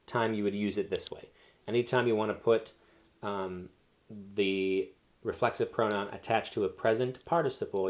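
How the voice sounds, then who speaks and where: A man teaching a Spanish lesson, explaining step by step with fillers and self-corrections. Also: on the low side. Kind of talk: recorded classroom lesson.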